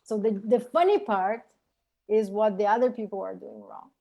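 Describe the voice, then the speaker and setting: A woman's voice: medium pitch, moderate pace, creaky, dark tone. A woman from Brazil, a native Portuguese speaker with a Brazilian accent, chatting as a podcast guest in a thoughtful, hesitant way as she searches for words. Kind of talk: casual chat.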